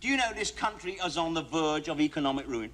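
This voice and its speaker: An actor playing a cheeky, sardonic prison inmate in a 1970s sitcom. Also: male voice, fairly high pitch, animated, fast talker, fairly bright tone. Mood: wry. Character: wisecracking cocky male prison inmate.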